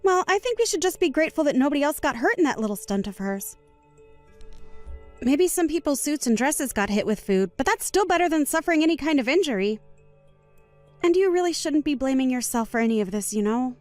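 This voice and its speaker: A woman voicing a calm, composed young woman wronged at a wedding, speaking in a measured, firm way in a voiced story drama. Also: sits high, faint music behind.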